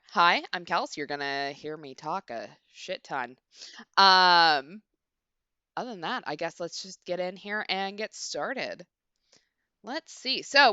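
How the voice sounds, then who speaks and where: A woman's voice: on the low side, bright, forceful tone, clear, resonant tone, dry recording. A young woman streaming a video game, chatting casually and swearing freely. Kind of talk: casual let's-play commentary. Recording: dull lo-fi stream mic.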